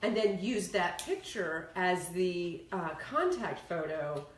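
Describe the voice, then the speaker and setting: A woman co-host tells stories and gives organizing tips in a lively way, laughing often. Her pitch swings widely as she talks. She is heard from a distance in an echoey room with faint hiss. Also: slow. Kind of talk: casual chat with organizing tips.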